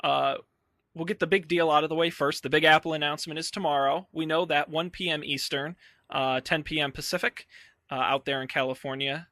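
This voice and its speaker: Bright upbeat male podcast host. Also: a little high, steady tone, brisk, no room sound, studio quality. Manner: upbeat, chatty, with fillers. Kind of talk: casual tech podcast chat.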